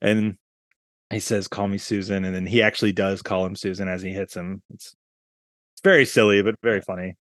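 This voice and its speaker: A man's voice: deep voice, steady tone, a little fast, a bit bright, no room sound, clean studio sound. Chatty man hosting a movie podcast. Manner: chatty, rambling, laughs while talking. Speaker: podcast host. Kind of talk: casual movie chat.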